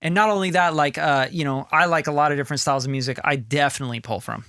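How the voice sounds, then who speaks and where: A man's voice: on the high side, fast, pushed and bright, dry recording, clean studio sound. A middle-aged man co-hosting a music podcast, talking loosely and rambling, swearing casually. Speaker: podcast co-host, music producer. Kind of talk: casual chat.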